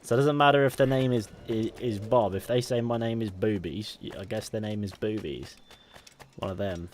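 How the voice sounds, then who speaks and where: Brief: young streamer, rambling and excitable, headset mic, faint hiss behind. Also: male voice, lowish voice, fairly quick. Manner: chatty, rambling, self-correcting, excitable. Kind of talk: casual live game stream chat.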